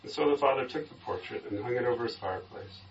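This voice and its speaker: A man in a Bible study group reading a story aloud in a steady storytelling voice, recorded from a distance with a dull sound. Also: medium pitch, fast talker, slight background noise.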